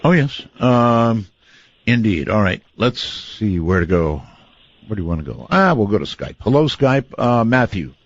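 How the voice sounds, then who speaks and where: A man's voice: on the low side, sing-song, moderate pace, dry recording. A man hosting a late-night radio talk show, easygoing and often chuckling. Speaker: radio host. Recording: dull lo-fi radio audio.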